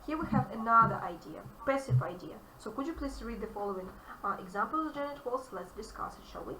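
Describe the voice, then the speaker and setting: A woman English teacher with a Russian accent, explaining grammar to a student in an animated, emphatic way. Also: a little high, a little fast. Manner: animated, emphatic, repeats key phrases. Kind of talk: online grammar lesson. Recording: echoey room, distant mic, faint noise.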